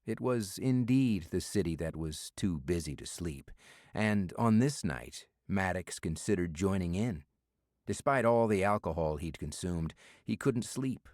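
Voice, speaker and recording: A man narrating a thriller audiobook in a measured storytelling manner, from a studio booth. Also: low voice, expressive, darkish tone, no echo. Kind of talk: scripted narration.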